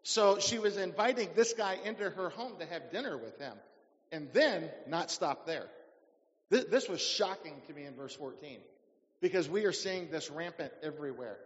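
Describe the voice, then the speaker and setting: Male pastor, high voice, sermon with call-and-response questions, dull hall recording. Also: lively intonation, moderate pace. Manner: preaching with rhetorical questions to the congregation. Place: church sanctuary. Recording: dull sound in a reverberant church hall.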